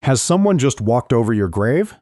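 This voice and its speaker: A man voicing a kind, gently teasing husband in an audiobook. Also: mid-range voice, very animated, moderate pace, no echo, studio quality, voice pushed up, close to an everyday voice. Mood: gentle. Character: kind, caring husband driving, young adult.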